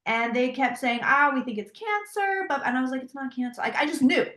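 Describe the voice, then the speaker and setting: Speaking fairly quickly in a high voice, a woman guest who reads tarot as a psychic shares an animated story in a casual interview, quoting her own words in dialogue. The recording carries a roomy echo.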